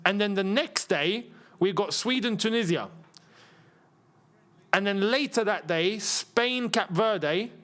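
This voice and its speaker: A man hosting a live football watchalong, chatty and rambling, with excitable bursts at the match action. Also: sits high, slow, pauses often. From England. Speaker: football channel host.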